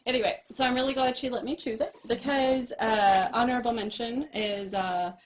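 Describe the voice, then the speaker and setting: A woman's voice: a little high, steady tone, normal speed, slight background noise. A woman co-hosting a casual chat, talking in a rambling, giggly way. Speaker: co-host.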